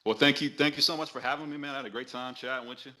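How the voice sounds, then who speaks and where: A man talking as a podcast guest in casual chat, relaxed and rambling with frequent restarts. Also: medium pitch, rapid-fire.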